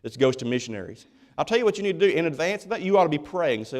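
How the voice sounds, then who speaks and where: A man's voice: fairly high pitch, sing-song, rapid-fire, a little mellow. Folksy, emphatic male pastor. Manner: folksy, emphatic preaching with many repeated starts. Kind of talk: sermon. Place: church.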